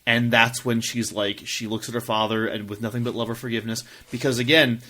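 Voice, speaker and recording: Bright-voiced man, rambling podcast chat. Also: medium pitch, steady tone, brisk. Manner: rambling, filler-heavy, many restarts. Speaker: podcast co-host. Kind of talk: casual book discussion.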